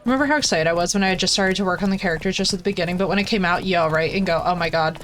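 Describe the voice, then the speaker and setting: A woman game streamer ranting casually to her chat in an animated, profane, emphatic way. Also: on the low side, very fast. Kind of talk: casual livestream rant to chat.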